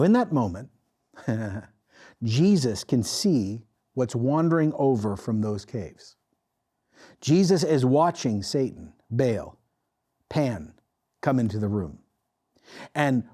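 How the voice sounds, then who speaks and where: A male pastor delivering an animated sermon from the pulpit. His voice is mellow and warm, sitting at an ordinary pitch for a man. He swings between raised, emphatic lines and hushed, intense ones, and puts on voices for the people he quotes. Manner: animated preaching, acts out quoted voices, drops to quiet intensity. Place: church.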